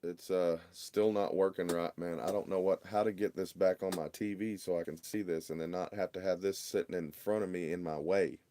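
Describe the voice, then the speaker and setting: A man's voice: low voice, steady tone, fairly quick, few pauses, dark tone, a little hiss or hum. A man with a drawl hosting a casual livestream from his workshop, muttering and exasperated as he talks into a phone. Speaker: RC hobby livestream host.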